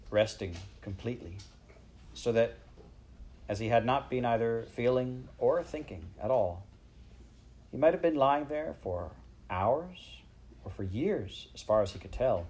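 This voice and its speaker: A man reading a story aloud in measured, unhurried narration. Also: lowish voice, darkish tone, a little hiss or hum. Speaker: audiobook reader.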